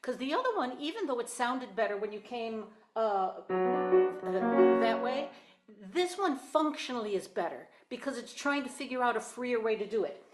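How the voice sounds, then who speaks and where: A woman's voice: on the high side, very animated, brisk, hardly any pauses. A woman teaching a one-on-one singing lesson, explaining exercises and demonstrating them in an encouraging way. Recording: echoey room with piano.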